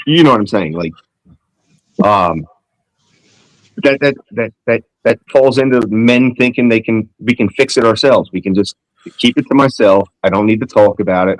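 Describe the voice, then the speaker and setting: A man's voice: lowish voice, dry recording, poor audio. A man on a discussion panel who rambles and searches for his words in casual talk.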